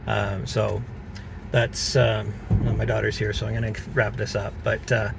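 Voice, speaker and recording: A man vlogging from a car, talking in an earnest, halting way with many fillers. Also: on the low side, little pitch movement, creaky, music in the background. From Canada. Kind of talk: reflective personal vlog.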